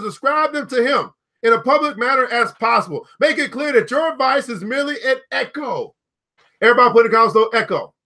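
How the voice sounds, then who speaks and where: A man's voice: very high-pitched, sharp tone. A man hosting a book club, reading aloud to a live audience and riffing on it with emphatic, playful repetition. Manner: emphatic and playful, repeating key phrases.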